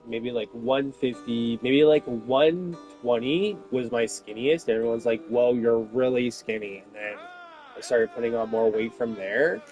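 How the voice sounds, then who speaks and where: A man's voice: mid-range voice, darkish tone. A man, rambling about his life with lots of fillers and swearing when worked up. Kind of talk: rambling personal talk.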